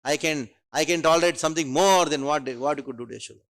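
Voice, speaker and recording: Guy doing an old queen mom, fussing at her son, kinda high voice. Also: fast talker, fairly bright tone. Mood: indignant. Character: elderly queen mother, doting and indignant.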